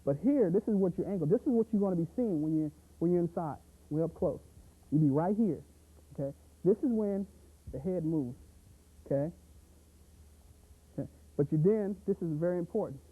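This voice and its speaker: Energetic boxing coach, tinny audio. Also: male voice, a little high, brisk, long pauses, breathy edge. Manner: energetic, punchy, full of sound effects and repeated catchphrases. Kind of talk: instructional pad-work demo.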